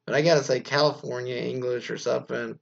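Rambling gravelly male radio host. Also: medium pitch, fairly even intonation, quick pace, lo-fi sound. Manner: rambling, many fillers and asides, muttered side remarks. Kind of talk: casual solo commentary reading an article aloud.

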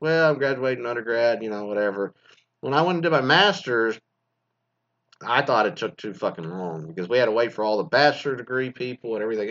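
A man's voice: fairly high pitch, fairly bright tone. A middle-aged man, delivering a crude, sarcastic rant full of swearing. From Texas, Dallas area. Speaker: commentator reacting to news. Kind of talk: profane ranting monologue. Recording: dull lo-fi audio.

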